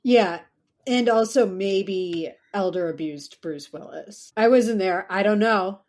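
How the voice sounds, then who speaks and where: A woman's voice: medium pitch, takes it slowly, a little mellow. A woman co-hosting a film podcast, chatting casually with wry, gossipy asides. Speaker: podcast co-host. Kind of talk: casual film-talk chat.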